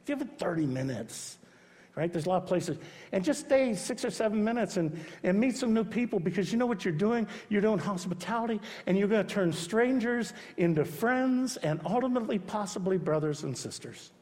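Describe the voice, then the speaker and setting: A pastor delivering a sermon in a church sanctuary, his voice sitting a little high for a man. He presses his points hard, then drops into soft, hushed repetition. The sound rings with a long hall echo. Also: lively intonation, normal speed. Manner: emphatic, swings between loud urging and soft hushed repetition.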